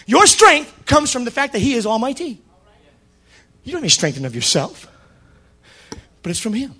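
High, husky, animated male preacher. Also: moderate pace. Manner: storytelling, builds to shouting praise. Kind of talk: sermon.

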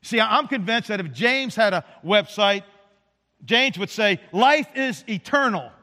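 A man's voice: high-pitched, expressive, unhurried, pushed and bright. A man in his fifties preaching a sermon with an emphatic, dramatic delivery. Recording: long hall reverb.

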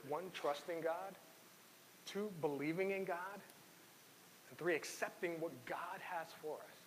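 A man's voice: fairly high pitch, fairly bright tone. A man preaching a sermon in an earnest, personal way, reading scripture aloud and telling his own story. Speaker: pastor. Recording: long hall reverb with faint hiss.

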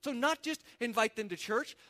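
A man preaching a sermon as pastor, animated and conversational, acting out little asides. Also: very high-pitched, moderate pace.

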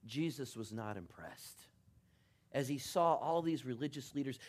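Joke-telling pastor with a lively voice. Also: male voice, on the high side. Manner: lively storytelling with jokes. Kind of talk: sermon.

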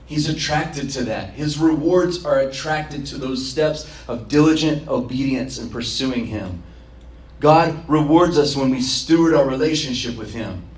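A man's voice: mid-range voice, a little slow. A man preaching a sermon as pastor, passionate and acting out prayers and imagined quotes, recorded in a church. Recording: roomy, from a distance.

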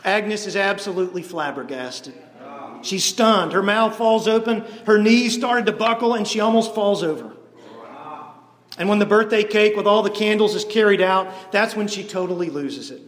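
A man preaching a sermon as an animated storyteller, voicing each character as he goes. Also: high-pitched, normal speed. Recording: echoey hall with long reverb.

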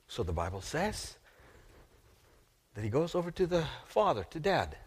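A male pastor preaching a sermon, retelling a story with drama, asking the audience questions and dropping to a hushed voice at grave moments. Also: a little high, big pitch swings, moderate pace, pauses often, slightly rough. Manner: dramatic, acts out the figures in quoted lines, asks the audience questions.

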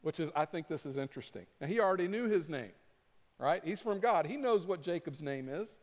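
A man preaching a sermon as pastor, animated and acting out his points with rising intensity. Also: a little high, fairly quick. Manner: animated, acts out flapping with rising volume. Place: church sanctuary. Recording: long reverb of a church hall.

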